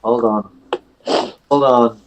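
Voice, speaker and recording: A man's voice: mid-range voice, fairly even intonation, slow, muffled recording. A man playing in a tabletop game, answering in a dry, hesitant way. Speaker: player. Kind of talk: tabletop game chat and role-play.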